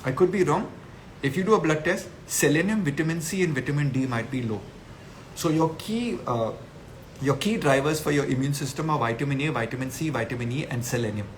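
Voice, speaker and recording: A man's voice: on the high side, a little fast, slight background noise. Emphatic middle-aged Indian man. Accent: Indian English. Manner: emphatic, scolding, animated with Hindi slang. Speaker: nutritionist answering viewer questions. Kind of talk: live Q&A talk.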